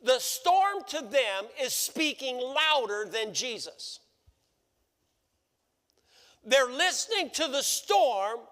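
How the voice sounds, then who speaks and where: High-voiced, slow-preaching male pastor. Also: sing-song, a bit bright, in a large hall. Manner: preaching with repeated rhetorical questions. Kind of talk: sermon. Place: church sanctuary.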